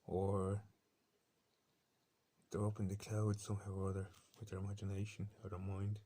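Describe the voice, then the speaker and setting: A man's voice: sits low, completely flat delivery, normal speed, dark tone, a little hiss or hum. A man with an Irish accent delivering an intense, defiant, rambling personal monologue, with faint bird sounds from a laptop behind him.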